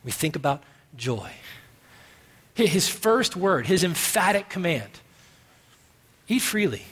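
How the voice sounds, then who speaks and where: A man preaching a sermon as pastor, emphatic, moving from quiet musing to loud stressed phrases. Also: high voice, sing-song, slow, pauses often, husky. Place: church sanctuary. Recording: long reverb of a church hall.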